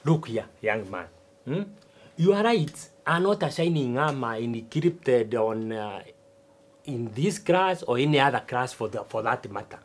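A stubborn old farmer, swooping lively voice, self-important asides. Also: male voice, mid-range voice. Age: older. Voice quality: animated, drawn-out rhetorical asides. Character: older retired farmer, stubborn and boastful. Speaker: substitute teacher. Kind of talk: TV sitcom acting.

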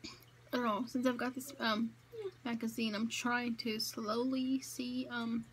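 A young woman talks to her viewers from home in a relaxed eat-with-me vlog. Her voice sits a little high, and she rambles with plenty of fillers and self-corrections. A faint hum of the room runs under her voice. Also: measured pace, poor audio. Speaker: vlogger. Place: home, indoors.

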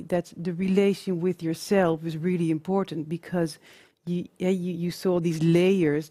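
Woman co-presenter, lowish voice, halting summary. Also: dark tone. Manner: hesitant, many ums. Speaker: co-presenter of a webinar. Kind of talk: webinar lesson summary.

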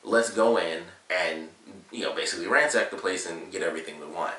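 Casual male reviewer, low voice, rambling recap full of fillers, roomy room. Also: fairly quick, sharp tone. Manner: rambling, filler-heavy retelling with lots of "like". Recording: roomy, slightly distant mic.

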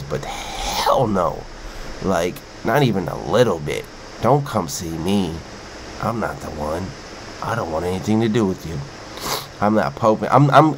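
Male reaction host, slightly low voice, loose repetitive banter, faint background hum. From Brooklyn, New York. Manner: chatty, repeats himself, playful. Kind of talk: casual video reaction commentary.

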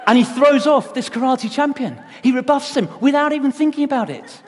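A man giving a sermon, telling a story with lively acted-out voices. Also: extremely high pitch, a little fast. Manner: animated storytelling, acts out voices. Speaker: preacher. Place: church. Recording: long church reverb.

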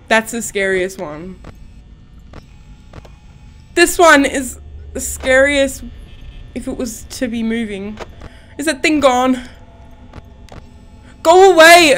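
A woman's voice: a little high, fairly bright tone. A young woman hosting a horror game let's-play, panicky and gasping, swearing under her breath. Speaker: gaming channel host.

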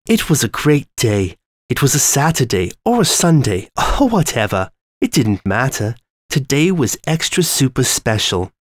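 A man giving a measured, ominous reading of a dark story to his listeners. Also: medium pitch, big pitch swings, no room sound. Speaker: story reader.

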